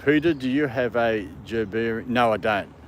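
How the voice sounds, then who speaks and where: A man's voice: mid-range voice, normal speed, a little hiss or hum. An Australian man hosting a casual livestream from a dog park, answering viewer comments and talking to his dog. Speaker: livestream host.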